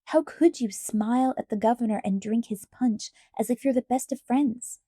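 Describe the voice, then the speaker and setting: An earnest young apprentice presses his point with steady insistence, voiced by a woman reader. The voice is mellow and dark, recorded close and dry. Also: on the high side, moderate pace, dry recording, close to an everyday voice. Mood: indignant.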